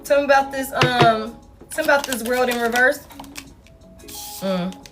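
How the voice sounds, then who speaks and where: With a fairly high pitch and no rush, a tarot reader talks to her viewers over soft music. She calls them "y'all" and speaks in a casual, outspoken, profane way.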